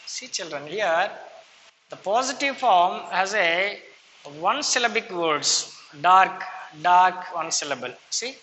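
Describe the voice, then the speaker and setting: A man's voice: high voice, lively intonation, slow pace, pushed and bright. A male teacher with an Indian English accent, drilling a class through adjective forms, stressing each first word and letting the last one fall. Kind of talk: classroom grammar lesson. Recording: long reverb, faint room noise.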